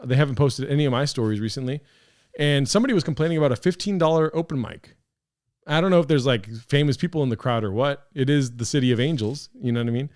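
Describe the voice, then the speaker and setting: A man's voice: mid-range voice, fast, darkish tone. A man streaming for hours, reacting to clips with dry, sarcastic, rambling talk.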